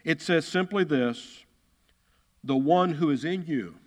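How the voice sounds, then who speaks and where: A man's voice: fairly high pitch, takes it slowly. A man preaching a sermon as a pastor, emphatic, repeating key phrases and acting out the quotes he reads. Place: church sanctuary. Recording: long hall reverb.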